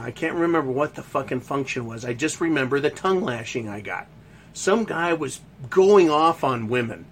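A man's voice: on the high side, fairly bright tone, slight background noise. A man delivering a crude, heated opinion rant, swearing constantly and mocking others.

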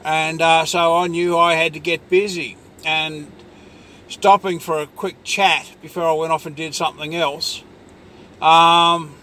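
A man's voice: on the high side, little pitch movement, measured pace, bright, forceful tone, slight background noise. A man in a rambling personal monologue, ranting angrily and swearing constantly, with lots of fillers. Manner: angry, profane ranting with many fillers.

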